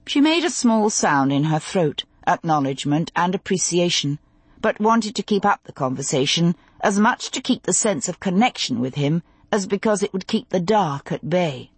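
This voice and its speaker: A woman narrating a novel in an expressive, measured storytelling manner. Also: on the low side, breathy edge, no echo. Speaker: audiobook narrator. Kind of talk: scripted narration.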